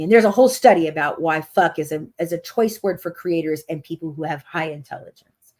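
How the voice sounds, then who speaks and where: A woman's voice: deep voice, a little fast, a little mellow. A woman hosting a podcast, telling a story in a casual rant that is profane, emphatic and dramatic. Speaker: podcast host.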